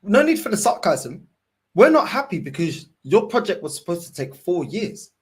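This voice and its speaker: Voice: mid-range voice, big pitch swings, moderate pace, husky. A football fan host ranting angrily to camera, swearing and repeating points. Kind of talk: angry fan rant to camera.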